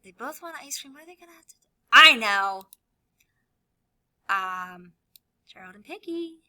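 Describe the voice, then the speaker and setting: Lady teacher doing a kids tutorial, super lively up-and-down voice, whispers sometimes. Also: mid-range voice, a little slow, pauses often. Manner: animated, sing-song teacher voice, drops into soft whispers. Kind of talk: screen-recorded classroom tutorial.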